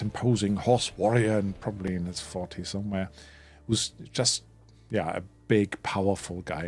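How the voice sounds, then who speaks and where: A man's voice: fairly low pitch, a little mellow. Man narrating a tabletop game. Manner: rambling, hesitant narration with many fillers. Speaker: game master. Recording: faint background music.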